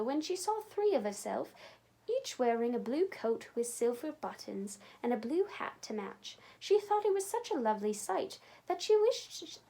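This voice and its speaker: A woman librarian reads a children's storybook aloud. Her storytelling is expressive and animated, with a fairly high voice that swings widely in pitch.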